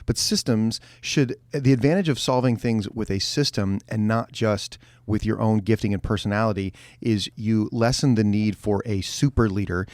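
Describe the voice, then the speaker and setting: Male pastor co-host, lower register, relaxed explainer, dry close-mic sound. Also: normal speed, hardly any pauses, dry recording. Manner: relaxed, talks in long explanatory runs with restarts and jokey asides. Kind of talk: casual podcast chat, explaining leadership ideas.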